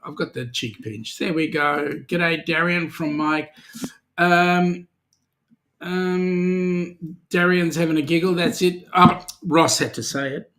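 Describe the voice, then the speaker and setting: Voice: medium pitch, slow, a bit bright. A co-host with an Australian accent, chatting casually on a live stream, reading out and joking about viewer comments. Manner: jokey, chatty, greets viewers by name.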